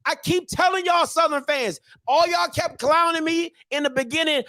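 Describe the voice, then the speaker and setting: A man hosting a sports recap show, ranting in excitable, slangy trash talk and repeating himself for emphasis. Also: extremely high pitch, moderate pace, hardly any pauses, no echo, clean studio sound. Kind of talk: animated sports recap rant.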